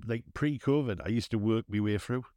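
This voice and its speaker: A man's voice: lowish voice, a little fast, warm tone, dry recording. A man co-hosting a podcast, casual and jokey, laughing often. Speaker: podcast co-host. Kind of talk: casual chat.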